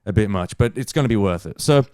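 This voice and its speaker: A young man, a stand-up comedian, telling a story in casual chat, animated and swearing freely. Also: fairly low pitch, fast talker, smooth, no echo, clean studio sound. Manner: animated, swears freely, acts out other people's lines.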